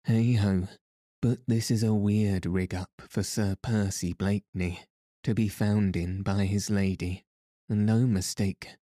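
A man's voice: lowish voice, steady tone, takes it slowly, mellow, dry recording, clean studio sound. A man voicing a foppish aristocratic husband with a sleepy, affected drawl, in a storybook reading. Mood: good-humoured.

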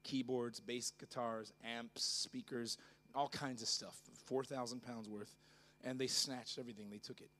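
A middle-aged man preaching a sermon at a church conference, telling a story that moves from hushed narration to loud, fervent preaching. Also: mid-range voice, steady tone, a little slow. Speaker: pastor.

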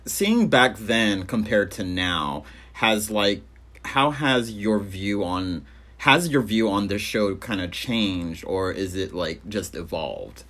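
A man co-hosting an interview, joking and stammering in a casual, animated way. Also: on the low side, slow. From Filipino family. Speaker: podcast co-host.

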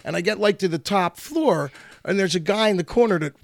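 A man's voice: high-pitched, fairly quick. A man on a casual podcast, telling a rambling, self-deprecating story about his own mishap. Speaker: podcast co-host and band member. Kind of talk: casual banter among bandmates.

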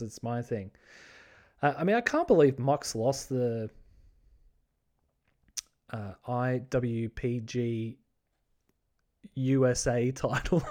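A man hosting a podcast alone, chatting casually and excitably about wrestling, with plenty of swearing, fillers and restarts. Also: mid-range voice. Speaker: podcast host. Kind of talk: casual solo podcast chat.

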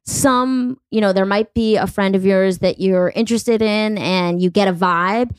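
A woman in her thirties hosting a podcast, talking in a blunt, profane, quick-joking way. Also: medium pitch, smooth, no echo. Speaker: podcast host. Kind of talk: casual podcast chat.

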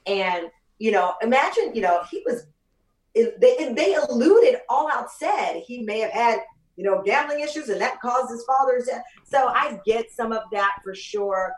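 A woman guest chatting in an animated, laughing way, full of quick asides. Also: a little high, far from the mic. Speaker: guest, TV talk show host. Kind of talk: casual interview chat.

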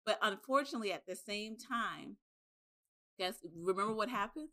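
A woman podcast host in casual chat. She retells scenes in an emotional, animated way, and her voice sits at an ordinary middle pitch. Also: moderate pace.

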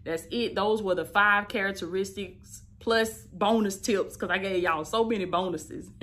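A woman's voice: medium pitch, a little slow, a bit bright. Thirtysomething woman life coach, preachy and repetitive, talks to her followers like an auntie. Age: 30s. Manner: emphatic, repetitive, preachy, affectionate, calls listeners "baby" and "y'all". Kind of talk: motivational teaching talk to camera.

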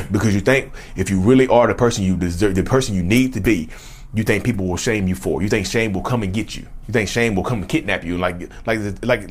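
A man talking on his own channel, a casual monologue with a repetitive, preachy delivery that keeps calling viewers y'all. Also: on the low side. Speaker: channel host.

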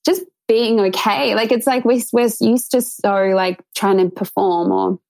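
A woman's voice: a little high, measured pace, vocal fry, a little mellow, poor audio. A woman intimacy coach, a guest on a podcast, talking earnestly and at length in a casual, flowing way with many fillers. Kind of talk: casual interview talk.

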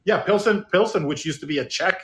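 A man's voice: high-pitched, a little fast, fairly bright tone. A middle-aged man from Illinois in casual chat, reflective and rambling with many restarts.

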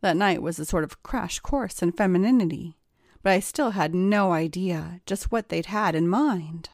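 A woman reading a scripted first-person story in a steady, confessional storytelling manner. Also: fairly low pitch, moderate pace, dry recording, studio quality. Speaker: story reader.

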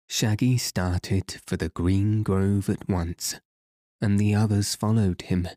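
A man narrating a storybook audiobook in a steady, even manner. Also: deep voice, no echo, studio quality.

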